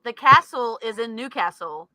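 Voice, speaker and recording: A woman chats on a podcast, giggling often and rambling through fillers. Her voice sits a little high and sounds very bright. The sound is dry and close. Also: lively intonation, normal speed, dry recording. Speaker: podcast co-host. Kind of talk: casual chat.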